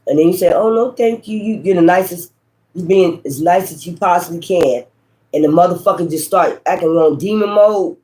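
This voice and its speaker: A man with a high voice gives a loose, profane spiritual reading. He speaks straight to his viewers with emphasis and keeps tossing in "right?" and "okay?" as he goes. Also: normal speed, darkish tone. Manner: frequent rhetorical tag questions. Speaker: tarot reader.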